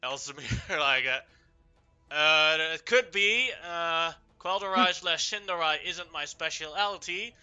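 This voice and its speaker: Guy doing a cocky wizard at the table, super bright voice, swoopy and slow. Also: on the high side, clear, resonant tone, lo-fi sound, faint music behind. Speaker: player. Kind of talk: in-character tabletop role-play.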